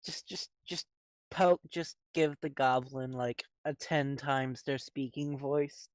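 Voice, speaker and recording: A woman's voice: very deep voice, steady tone, slow pace, no echo. A woman playing a tabletop game, joking around in a playful way. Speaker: player. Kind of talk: casual tabletop play.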